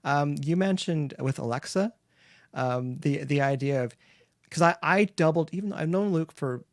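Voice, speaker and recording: Guy hosting a podcast, a bit high pitched, rambly questions, dry sound. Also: moderate pace, no echo. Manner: chatty, rambling questions, laughs often. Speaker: podcast host. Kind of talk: casual interview chat.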